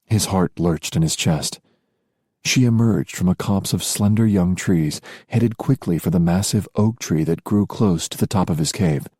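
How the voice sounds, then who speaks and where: A man narrating a romance audiobook in a measured storytelling voice. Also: deep voice, mellow, slightly rough, no room sound, studio quality. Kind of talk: scripted narration.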